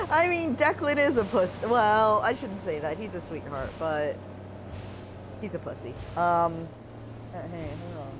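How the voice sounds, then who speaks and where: A woman with a fairly low, unhurried voice chats casually and bluntly with a friend as they play a game together, laughing often. There's noticeable background noise in the recording.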